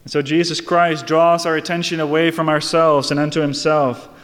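A man preaching an earnest sermon, dropping to hushed, quiet lines and rising into excited, louder storytelling. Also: moderate pace. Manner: earnest, swings from hushed lows to excited highs. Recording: long hall reverb.

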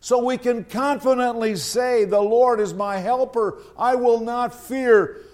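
A man preaching a sermon, slow and emphatic, repeating his key phrases. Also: extremely high pitch, steady tone, darkish tone.

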